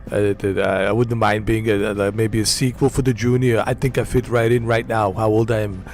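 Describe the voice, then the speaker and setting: A man's voice: fairly low pitch, steady tone, moderate pace, a little mellow, slight background noise, natural voice. A man doing a boastful old action star. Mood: playful boasting. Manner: rambling, playful, self-mocking. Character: boastful aging male action-star bodybuilder.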